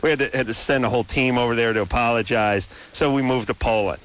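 A man hosting a late-night radio call-in show, riffing sarcastically and rambling through jokes with quick asides. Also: mid-range voice, fairly bright tone, rough recording.

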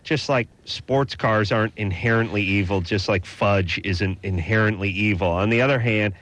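A man's voice: on the low side, normal speed, a bit bright, no room sound. A man hosting a radio call-in show, giving advice with playful teasing and jokes. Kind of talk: joking advice talk.

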